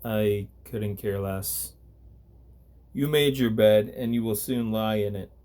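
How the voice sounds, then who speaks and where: A man voicing a calm, stern archangel who speaks with lofty composure in a storybook reading. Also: lowish voice, takes it slowly. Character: archangel Gabriel, calm stern male angel.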